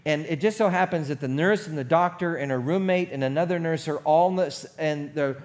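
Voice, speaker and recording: A man's voice: on the high side, a little fast. A middle-aged male pastor with a voice a little above the usual male range delivers his sermon from a church stage. He talks like he is chatting with friends, with a self-deprecating streak. When he quotes the people he visited, he slips into their voices.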